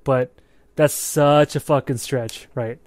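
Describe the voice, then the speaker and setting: A man co-hosting a movie podcast, chatting loosely about films and swearing freely as he goes. His pitch sits in the middle, and he often checks in with a quick "right?". The sound is dry and close, with no room echo. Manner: animated, profane, keeps checking in with "right?". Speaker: podcast co-host. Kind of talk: casual movie review chat.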